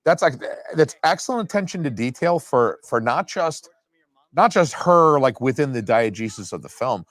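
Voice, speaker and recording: Male co-host for a home film commentary track, expressive, swearing, sarcastic, dry close sound. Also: mid-range voice, normal speed, no echo. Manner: profane, animated, sarcastic. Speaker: podcast co-host. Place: home, recorded apart from co-host.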